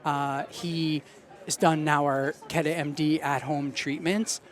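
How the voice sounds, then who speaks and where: A man with a slightly high voice tells stories as a podcast guest. He talks casually and animatedly, slipping into quoted voices of the people in his anecdotes. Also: little pitch movement, slow. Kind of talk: casual storytelling.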